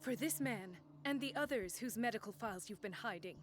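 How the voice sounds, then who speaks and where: A woman's voice: on the high side, expressive, fairly quick, soft background music, natural voice. An actress playing a determined female doctor in video game dialogue, speaking in an earnest, firm way. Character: determined young female doctor, principled and blunt.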